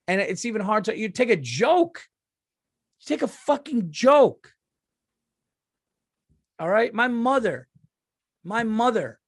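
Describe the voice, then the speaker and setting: Man, comedian host, swearing rant, fairly high voice, dry close mic. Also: dry recording. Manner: profane, animated, repeats himself. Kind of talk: casual monologue rant.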